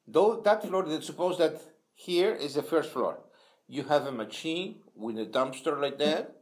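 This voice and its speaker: An older man from Peru, a native Spanish speaker with a Peruvian Spanish accent, telling his life story in halting English with many restarts at a kitchen table. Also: a little high, expressive. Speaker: interviewee. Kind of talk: casual storytelling.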